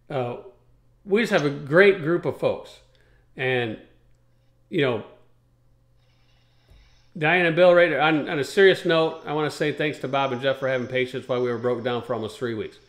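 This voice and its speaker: A man's voice: medium pitch, fairly bright tone, echoey room. A man hosting a trucking talk show, rambling in a folksy way and walking listeners through charts step by step. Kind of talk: casual radio talk show chat.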